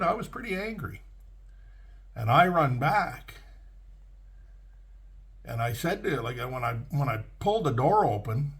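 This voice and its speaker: A middle-aged man tells a story from the road in plain, folksy words. He often stops and restarts his sentences. His voice sits at an ordinary middle pitch. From Canada. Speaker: truck driver storyteller. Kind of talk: casual spoken storytelling.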